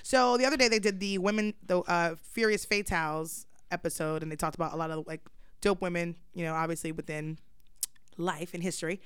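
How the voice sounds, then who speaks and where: Smooth-voiced woman telling a profane story. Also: lowish voice, brisk, no room sound, studio quality. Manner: animated, profane storytelling with slang. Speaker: podcast host. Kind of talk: casual chat, storytelling.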